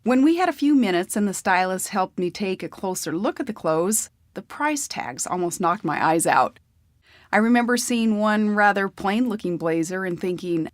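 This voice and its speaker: Brief: woman memoir narrator, mid pitch, plain conversational read, dry close sound. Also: lively intonation, moderate pace, dry recording. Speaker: audiobook narrator.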